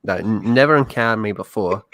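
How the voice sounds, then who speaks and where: A man's voice: lowish voice, a little fast, a bit bright, no room sound. A man with an Australian accent in casual chat, cocky and joking, swearing freely as a co-host. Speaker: podcast co-host.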